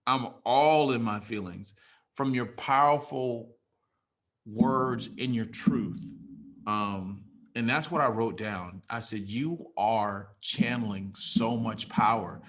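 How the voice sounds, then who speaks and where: An effusive man emceeing a poetry showcase, speaking at a middle pitch. He sounds moved and warmly encouraging, with sudden cheers and whoops. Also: slow pace. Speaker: host. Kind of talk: emcee at an online student poetry event.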